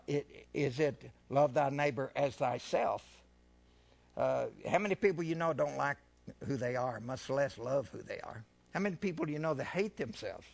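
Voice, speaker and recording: A man with a mid-range, gravelly voice preaches a sermon fervently. He questions the congregation and repeats phrases, slowing down and swelling louder as he draws out scripture readings.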